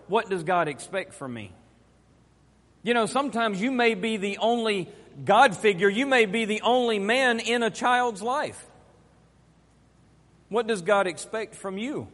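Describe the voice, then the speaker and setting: High-voiced preacher in a reverberant hall. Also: male voice. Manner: earnest, repeats questions, rises to forceful emphasis. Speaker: pastor. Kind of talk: sermon. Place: church sanctuary.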